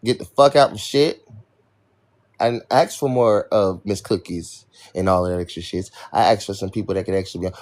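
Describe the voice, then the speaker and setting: A man's voice: fairly low pitch, expressive, fairly quick, a little mellow. A young man hosting a livestream, venting in an irritated, profane rant to his chat. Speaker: livestream host. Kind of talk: ranting livestream talk to chat.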